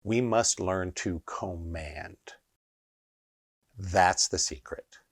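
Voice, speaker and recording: A man's voice: low-pitched, very slow, dry recording, clean studio sound. A man teaching energy healing in an emphatic instructional monologue, often checking in with a rhetorical "right?".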